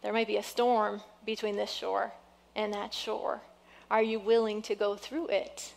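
A woman pastor delivering a sermon, lively and conversational, with self-deprecating humor. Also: mid-range voice, measured pace, creaky, in a large hall.

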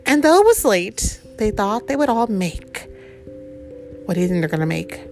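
A woman's voice: mid-range voice, sing-song, normal speed, over music. A woman reading a picture book aloud to a child, with chatty asides about the pictures.

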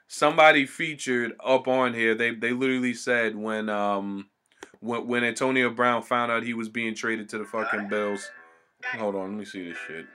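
A young man ranting casually about football as a vlogger, swearing constantly and acting out what players said. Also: mid-range voice. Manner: animated, swears constantly, acts out quotes. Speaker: sports vlogger. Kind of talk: casual profane sports rant.

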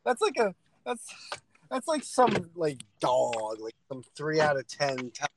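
A man's voice: fairly high pitch, very animated, measured pace, noisy background. A man co-hosting a podcast in casual chat, rambling with lots of fillers. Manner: rambling, many "like" fillers, mocking quotes. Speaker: podcast co-host.

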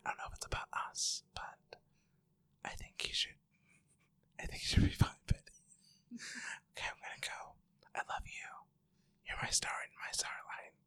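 A man voicing a fussy, overbearing middle-aged mother in a whispered role-play, rambling in a breathy soft whisper. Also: moderate pace, pauses often, lightly acted. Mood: doting.

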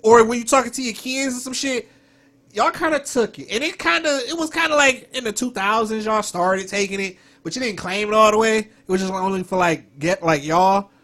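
Man, high bright voice, very lively pitch, crude, laughing, casual chat. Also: a little fast.

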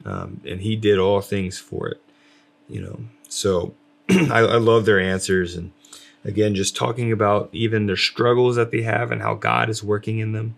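A man's voice: on the low side, moderate pace, vocal fry. A man talking casually about faith with his wife, rambling with lots of fillers and restarts. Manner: rambling, many fillers, self-described loud.

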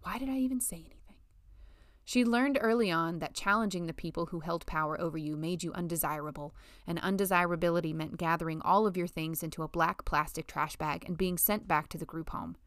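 A woman reading a novel as an audiobook narrator, in a measured storytelling manner. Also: on the low side, no room sound, studio quality. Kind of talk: scripted narration.

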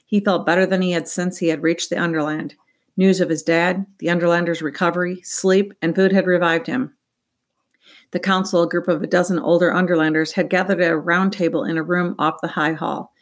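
Woman reading an audiobook, low voice. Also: fairly quick. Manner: steady reading with small slips. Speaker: audiobook narrator. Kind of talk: audiobook narration.

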